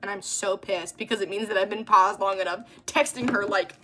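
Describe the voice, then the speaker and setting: Bright-voiced woman ranting to camera. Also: mid-range voice, a little fast, faint music behind. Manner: animated, exasperated ranting. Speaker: vlogger. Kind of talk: ranting vlog monologue.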